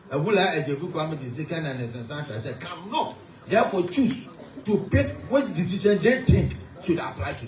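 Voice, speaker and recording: A man's voice: mid-range voice, a little mellow. A man with a Ghanaian accent, a traditional authority spokesman delivering a formal, emphatic press statement. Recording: echoey room, mic at a distance.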